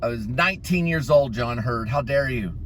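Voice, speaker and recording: A man's voice: mid-range voice, lively intonation, moderate pace, fairly bright tone, slight background noise. A man hosting a casual vlog, rambling through name-dropping anecdotes about actors. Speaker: vlog host, delivery runner.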